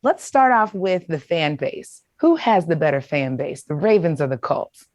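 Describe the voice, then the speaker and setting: A woman's voice: low-pitched, sing-song, darkish tone, no echo, clean studio sound. A woman hosting an interview, asking playful questions in an upbeat way. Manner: upbeat, playful, quick to laugh. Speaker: host, interviewer.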